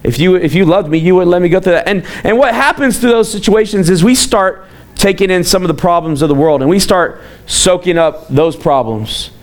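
A man in his thirties preaching a sermon as a pastor, telling personal stories in an animated way with frequent restarts. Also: sits high. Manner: animated, storytelling, repeats words.

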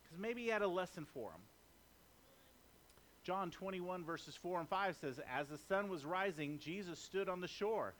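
A man's voice: high voice, a bit bright, slight background noise. A man preaching a sermon in a conversational way, mixing jokes and acted-out quotes into his points.

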